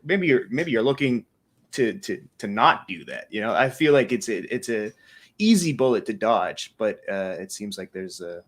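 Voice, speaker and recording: A man's voice: on the low side, sing-song, normal speed. A man speaking as a panelist in a discussion, hesitant and full of fillers.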